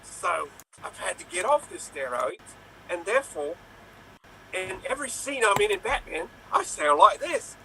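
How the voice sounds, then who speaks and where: A man's voice: sits high, sing-song, moderate pace. A man improvising a boastful, rambling movie-star character in a comedy game, recorded a bit far from the mic with faint background noise.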